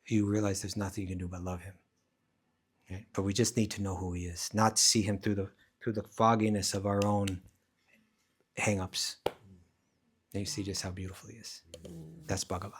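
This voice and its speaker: A man's voice: lowish voice, moderate pace, pauses often, husky. A man, a spiritual teacher, leading a scripture class, telling a story casually and animatedly. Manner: animated, casual, acts out voices. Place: class at a rural eco village.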